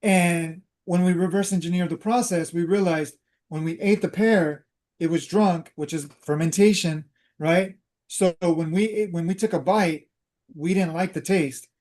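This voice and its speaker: A man's voice: high-pitched, unhurried, a little mellow. A man hosting a talk, casually telling a personal story and drifting into spiritual teaching, with many fillers and restarts. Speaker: host.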